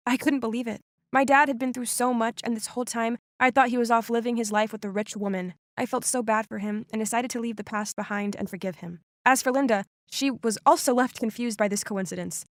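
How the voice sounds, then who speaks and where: Brief: woman narrator, scripted storytime, fairly high voice, dry studio sound. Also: dry recording. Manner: expressive, dramatic storytelling. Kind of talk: scripted first-person narration.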